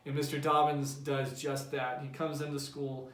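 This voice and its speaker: A man's voice: mid-range voice, level tone, normal speed, a bit bright. A male teacher explaining the story and then reading a novel aloud to his class in a conversational manner. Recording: echoey room, distant mic, faint hiss.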